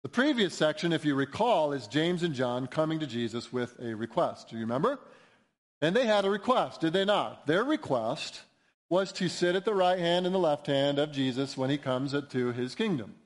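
A man's voice: on the high side, lively intonation, moderate pace. A man preaching an expository sermon, emphatic and building intensity at key points. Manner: emphatic, rising to near-shouts when quoting cries. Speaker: pastor.

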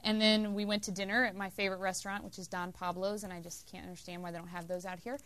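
Bright-voiced woman telling a chatty story. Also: medium pitch, fast talker. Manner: chatty, lively, with laughing asides. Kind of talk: personal storytelling.

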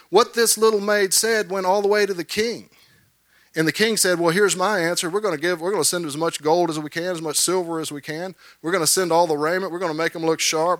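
A man preaching a sermon, animated, repeating words and calling for amens from the congregation. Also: sits high, no room sound, clean studio sound.

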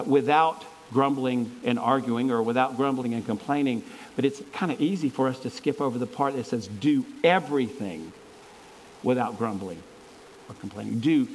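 A man's voice: mid-range voice, a little hiss or hum, rough recording. A man preaching a sermon in an earnest, conversational way, stumbling and restarting as he reads and explains scripture. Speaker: pastor.

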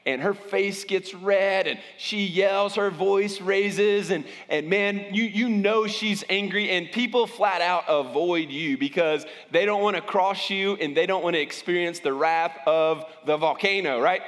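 A man's voice: high voice, unhurried, hardly any pauses, a bit bright, in a large hall. A man preaching as a pastor, talking conversationally and often restarting his sentences. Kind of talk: sermon.

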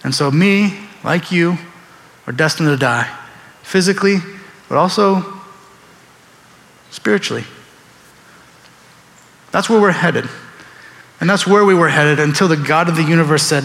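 Man, pastor, preaching, slightly high voice, long hall reverb, chatty storytelling delivery. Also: moderate pace, bright, forceful tone. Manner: conversational preaching, acts out quoted voices. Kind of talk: sermon. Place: church sanctuary.

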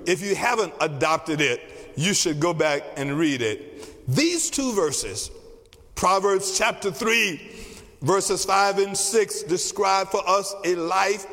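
A man preaching a sermon as pastor, emphatic, repeating key phrases slowly for weight. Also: high-pitched, fairly bright tone. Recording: long reverb of a large hall.

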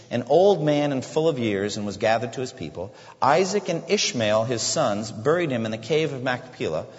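A man preaches in a church sanctuary, his pitch rising and falling in a lively way as he reads scripture. Emphatic asides break into the reading. Long hall reverb and a dull, muffled recording surround his voice. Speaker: pastor. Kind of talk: sermon.

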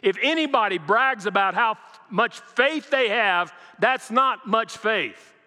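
Older preacher in a ringing hall. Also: male voice, high voice, animated, slow, sharp tone. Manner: preachy, rhetorical questions, repeats key lines. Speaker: pastor. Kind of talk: sermon. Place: church sanctuary.

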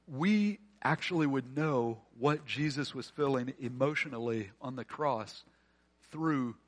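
Speaking at a measured pace in a medium-pitched voice, a male pastor preaches an earnest, conversational sermon. He asks rhetorical questions and sometimes lowers to a hush.

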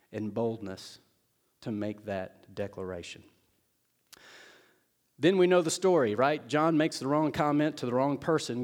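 A pastor with a mid-range, darkish voice preaches a sermon as conversational storytelling. He acts out the words of the people in his stories.

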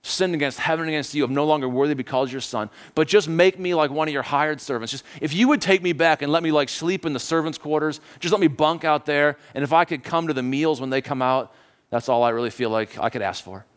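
A man's voice: fairly high pitch, quick pace, natural voice. A man voicing a repentant young son who rehearses a humble apology. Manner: humble, subdued.

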